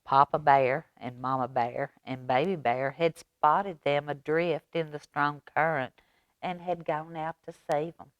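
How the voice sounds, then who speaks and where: A woman librarian reading a children's picture book aloud, expressive and gentle, with a Southern US accent. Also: low-pitched, no echo, dull audio. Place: public library.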